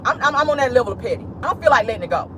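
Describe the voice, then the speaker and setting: Woman host doing petty, sassy commentary from her car, very animated voice, light outdoor hum. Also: fairly high pitch, racing. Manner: sassy, petty, talks straight to viewers with lots of "honey" and "y'all". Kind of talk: casual commentary vlog from a car. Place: parked car.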